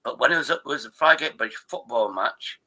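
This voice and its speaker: A man's voice: mid-range voice, expressive, fairly quick, bright, forceful tone, rough recording. A man, hosting a livestream and telling rambling, sweary stories over a video call. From Derbyshire, England. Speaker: livestream host. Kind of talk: casual chat.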